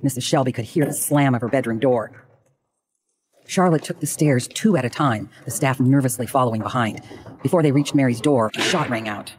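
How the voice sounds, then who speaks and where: A man narrating a true crime drama in a measured, dramatic storytelling manner. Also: medium pitch, slight background noise.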